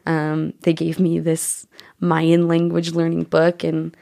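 A woman's voice: sits low, completely flat delivery, takes it slowly, gravelly, mellow. Earnest young woman, interview guest. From United States. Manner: earnest, enthusiastic, with frequent restarts. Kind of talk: casual interview chat.

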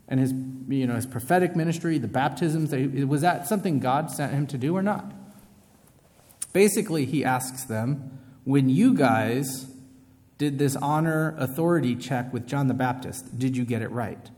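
A man's voice: medium pitch, a little mellow, big-room sound. A man preaching a sermon in a casual, conversational way, often asking his listeners questions. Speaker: pastor.

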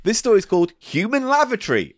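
A man's voice: high voice, big pitch swings, fast talker, dry recording, studio quality. A British man co-hosting a casual comedy podcast, sweary and exasperated, reading aloud from a book between banter. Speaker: podcast co-host.

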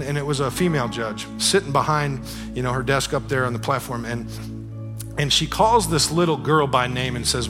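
A man pastor preaching in a church, telling a personal story in a casual, animated way, repeating phrases and checking in with "you know what I'm saying". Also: medium pitch.

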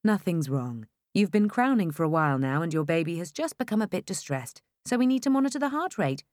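A woman voicing a calm male hospital doctor giving measured, firm instructions. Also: on the low side, no echo, studio quality.

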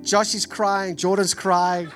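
A man in his forties with a Texan accent, preaching a sermon in an animated, storytelling way. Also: sits high, takes it slowly, faint music behind. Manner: animated storytelling, acts out family voices. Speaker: pastor. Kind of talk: sermon with personal stories.

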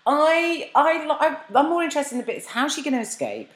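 A woman co-hosting a podcast in casual chat, teasing and lively, slipping into silly voices. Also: high-pitched, brisk. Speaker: podcast co-host. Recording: roomy echo.

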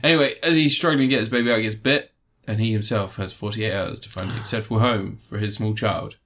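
A man casually recapping and reviewing a film, rambling with fillers, sarcastic asides and quick mock voices. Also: fairly low pitch, steady tone, fairly bright tone, slight background noise.

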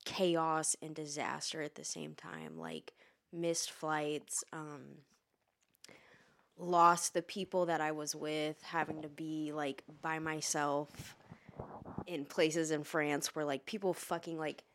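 A young American woman co-hosting a podcast, rambling in casual chat and swearing a lot, getting loud and animated when she argues. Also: low-pitched, slow. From United States. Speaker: podcast co-host. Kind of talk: casual chat while eating hot wings.

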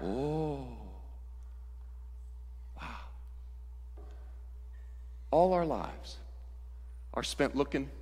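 A man preaching a sermon as pastor, animated and swinging from loud, excited passages to hushed ones. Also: on the low side, big-room sound.

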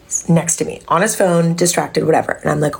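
Telling a dating story on her podcast, this young host talks quickly in a low, creaky, husky voice. It's a casual storytelling chat, and she curses without restraint while animatedly performing the other people's lines.

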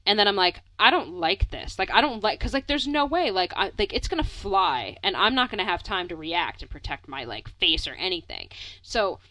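A young woman tells a rambling story in an easy, chatty way, with plenty of filler words and the odd curse. Her voice is bright and swings widely in pitch. The sound is dry and close. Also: normal speed, no room sound, rough recording. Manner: animated, many "like" fillers, swears, laughs often. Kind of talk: casual storytelling chat.

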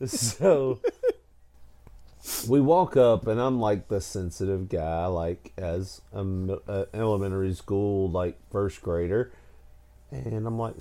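A man telling a childhood story in casual chat, animated and often laughing as he talks. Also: on the low side, takes it slowly. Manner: animated, laughs through his own story.

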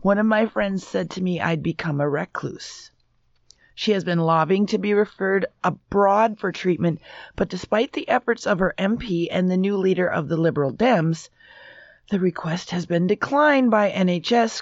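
A woman's voice: on the low side, normal speed, dry recording. A woman reads out a story on a comedy podcast, breaking into laughter now and then. Her voice sits in a middle register, and the recording is dry and a little dull. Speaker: co-host reading a news story.

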